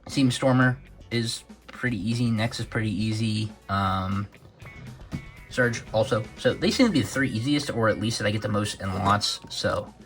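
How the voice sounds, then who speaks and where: A man's voice: fairly low pitch, moderate pace, fairly bright tone, soft background music. A young man giving a casual toy review, rambling a little with many fillers and corrections of himself.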